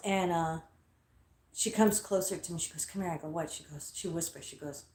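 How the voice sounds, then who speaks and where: A woman casually telling a story, animated and profane, quoting herself loudly. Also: on the low side, brisk, reverberant.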